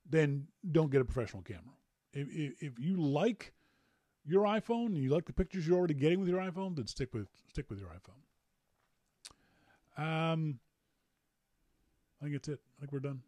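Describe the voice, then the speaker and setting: A man hosting a tech podcast in casual chat, animated and rambling, with jokes and repeated words. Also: fairly high pitch, normal speed, pauses often, dry recording. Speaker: podcast host.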